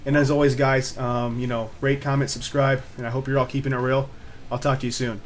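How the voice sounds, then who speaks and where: A man's voice: medium pitch, little pitch movement, brisk, a little hiss or hum. Rambling, laid-back young man vlogging. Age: 20s. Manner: rambling and laid-back, with frequent fillers and swearing. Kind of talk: casual storytelling to camera.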